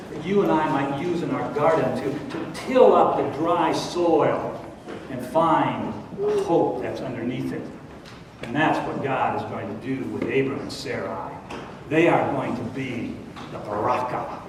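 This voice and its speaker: A man preaching a sermon as pastor, animated and playful, asking his congregation questions. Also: mid-range voice, normal speed. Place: church sanctuary. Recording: echoey church hall from far off, noisy.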